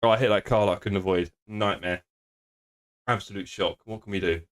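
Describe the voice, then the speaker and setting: A man's voice: lowish voice, fairly even intonation, fairly quick. A man, streaming sim racing and bantering casually with his live chat, joking and laughing often. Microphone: desk streaming microphone.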